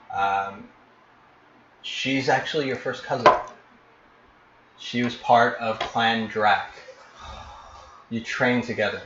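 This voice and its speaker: A man narrating as game master, painting scenes in vivid detail with frequent pauses and restarts. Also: lowish voice, background noise. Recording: echoey, dull lo-fi room recording.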